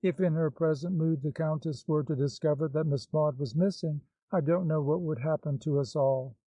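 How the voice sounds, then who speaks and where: Give me an anxious, devoted old woman who pleads and frets, as a man reads her, in a mellow voice. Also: fairly high pitch, fairly even intonation, moderate pace, no room sound, close to an everyday voice. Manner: pleading, fretful. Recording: slightly dull, dry recording.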